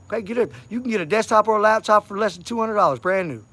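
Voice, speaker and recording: A man's voice: high-pitched, racing, fairly bright tone. A man talking in a rambling, repetitive monologue that grows urgent and insistent. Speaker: vlogger. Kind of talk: casual monologue to camera.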